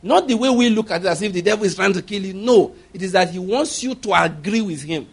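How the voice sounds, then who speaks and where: A man's voice: high-pitched, lively intonation, fast talker, vocal fry, breathy edge. A man preaching a sermon, telling a story with acted laughter and emphatic direct questions to the congregation.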